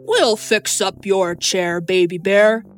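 A woman voicing a gruff father bear in a storybook, grumbling his lines firmly. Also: medium pitch, slow, soft background music, natural voice. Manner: grumbling, firm.

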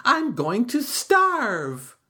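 A woman voicing a chatty, boastful male turtle in a storybook, with high wailing pleas and a slow sing-song. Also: huge pitch swings, bright, forceful tone, husky, exaggerated voice. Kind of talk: storybook read-aloud.

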